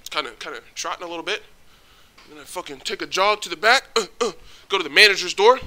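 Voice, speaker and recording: Bright-voiced young man telling a wild story. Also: high-pitched, fast talker. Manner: excitable, profane, animated. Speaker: vlogger. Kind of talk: casual storytelling.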